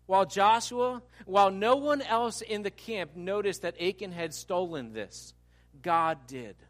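A male pastor delivering a sermon in a fairly high voice. He talks with animated energy, dropping to quiet asides and then building to loud, emphatic lines. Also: a little slow.

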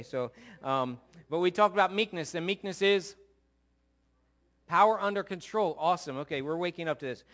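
A man's voice: sits high, fairly bright tone. Man preaching a chatty sermon. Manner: conversational, jokey, checks in with congregation. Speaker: pastor. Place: church sanctuary.

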